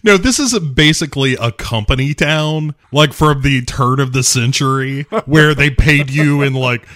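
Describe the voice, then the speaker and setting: A man's voice: mid-range voice, moderate pace, few pauses, a bit bright, no echo, studio quality. A man co-hosting a casual movie chat, wry and joking as he talks things over. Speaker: podcast co-host.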